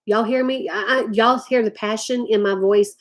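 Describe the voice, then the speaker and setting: A woman delivers a heated rant straight to her viewers. Her voice sits a little high, and she leans hard on her words, often drawling "y'all.". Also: fairly even intonation, normal speed. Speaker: vlogger talking to live chat.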